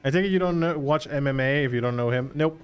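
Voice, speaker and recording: A man's voice: mid-range voice, quick pace, faint music behind. A man streaming a game, chatting casually with viewers in a rambling, self-conscious way. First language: Spanish. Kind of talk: casual live-stream chat.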